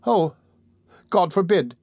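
A man's voice: on the high side, lively intonation, normal speed, no echo, pitched above the performer's own voice, close to an everyday voice. A man voicing an earnest, tearful young boy who pleads eagerly in a raised voice.

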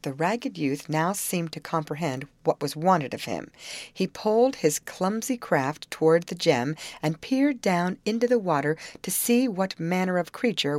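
Expressive low-voiced woman narrator. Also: dry recording. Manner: expressive storytelling reading. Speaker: audiobook narrator. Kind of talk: scripted narration.

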